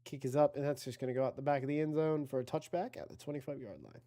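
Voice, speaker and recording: Fast and mellow, this medium-pitched male voice provides casual commentary on an online video game football league. He chats with his audience, corrects himself along the way, and climbs in intensity when big plays happen.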